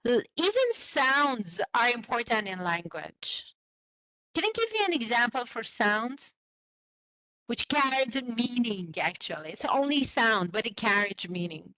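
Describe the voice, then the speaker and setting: Slow, bright-voiced woman teacher trainer. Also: fairly high pitch, very animated, no echo, rough recording. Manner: slow, explanatory, asks the class questions. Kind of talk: online teacher-training lesson.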